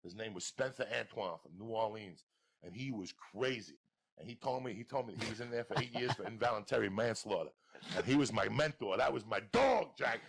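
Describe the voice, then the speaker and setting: A middle-aged man telling crude, profane comic stories on a podcast, loud and laughing, jumping from shouts to low mutters. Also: lively intonation, brisk, vocal fry, slight background noise. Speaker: podcast guest storyteller. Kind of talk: profane comedic storytelling.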